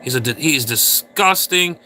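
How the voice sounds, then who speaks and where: A man's voice: on the high side, expressive, unhurried, sharp tone, a little hiss or hum. Crude ranting male livestream host. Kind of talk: casual livestream chat with viewers.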